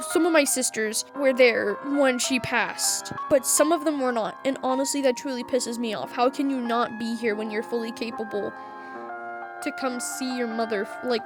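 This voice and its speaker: Brief: young female vlogger, earnest and heated, slightly high voice, faint music under her. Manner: earnest, heated then softening. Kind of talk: emotional personal vlog.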